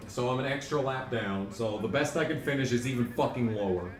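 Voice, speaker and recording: Streaming a racing game, a young man of medium pitch talks a little fast, ranting, joking and dropping sarcastic, profane asides in casual commentary. The audio has room echo, a distant mic and a faint noise floor.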